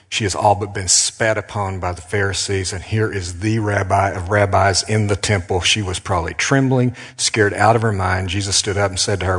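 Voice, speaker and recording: A deep-voiced man preaching a sermon as a pastor, earnest and emphatic. He slows down and leans on his words with dramatic pauses. His voice carries a long reverb, as in a church hall. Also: fairly even intonation, fairly bright tone, breathy edge.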